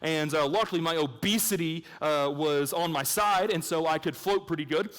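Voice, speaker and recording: A man preaching an evangelistic sermon, swinging between hushed intensity and loud emphatic points, with chatty storytelling asides. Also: a little high, moderate pace. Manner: conversational storytelling with fillers. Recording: long reverb of a large hall.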